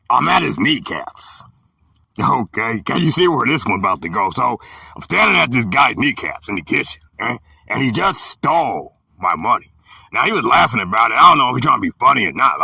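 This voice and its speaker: A man in his fifties telling a story in an emphatic, preachy way, sometimes shouting, with a gravelly, raspy voice. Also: medium pitch, no echo. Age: 50s. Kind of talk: storytelling talk. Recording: dry and distant from the mic.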